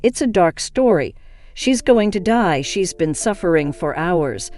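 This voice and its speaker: A woman's voice: fairly low pitch, animated, a little slow, darkish tone. A woman voicing a frantic woman neighbor who begs urgently for help, in an audio story. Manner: urgent, begging. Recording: faint music behind.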